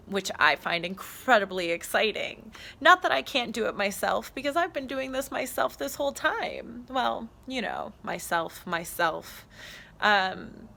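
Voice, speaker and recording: A woman's voice: medium pitch, gravelly, bright, forceful tone. A woman recording a casual spiritual vlog on her phone out on a trail, speaking in an earnest, heartfelt way. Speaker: spiritual channeler. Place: outdoors on a trail.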